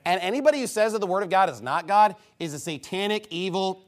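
Fiery high-voiced male preacher. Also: lively intonation, quick pace. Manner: heated, combative, scornful. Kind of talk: sermon.

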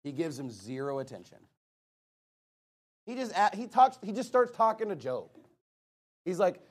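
A man's voice: sits high, big pitch swings, moderate pace, pauses often, slightly rough. A man preaching a sermon, emphatic and blunt, driving points home with rhetorical questions he answers himself.

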